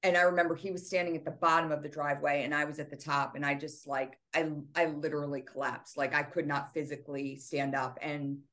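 A woman's voice: sits low, little pitch movement, fairly quick, few pauses, a bit bright. A middle-aged woman, a podcast guest and author, earnestly retelling a painful family loss with many fillers. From United States. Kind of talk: interview storytelling.

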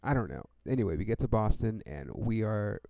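A man's voice: fairly low pitch, sing-song, fairly quick, creaky, dark tone, dry recording. A young man hosting a podcast, telling a rambling story in a laid-back, profane way, peppered with "dude" and "like". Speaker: podcast host.

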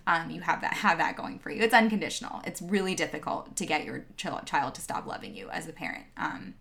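A woman with a slightly low voice answers an interview question in earnest. She is a former teacher who speaks reflectively and conversationally, and she leans on "like" and "um" as she thinks. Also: animated, fairly quick, creaky, a bit bright. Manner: earnest, reflective, many "like" and "um" fillers.

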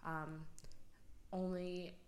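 A young American woman co-hosting a podcast, speaking in a relaxed, reflective way with frequent ums. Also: fairly low pitch, very slow. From United States. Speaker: podcast co-host. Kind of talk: casual chat.

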